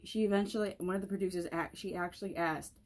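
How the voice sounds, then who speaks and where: A young vlogger tells a casual storytime, rambling with lots of "like" and frequent restarts. Her voice is fairly low and steady in tone, and she talks fast.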